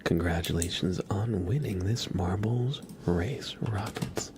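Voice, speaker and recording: Man, deep voice, whispered livestream commentary, unhurried, slightly stuffy nose, close mic. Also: very noisy. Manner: soft whisper, slow and low-key, cheering on chat viewers. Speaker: ASMR livestream host.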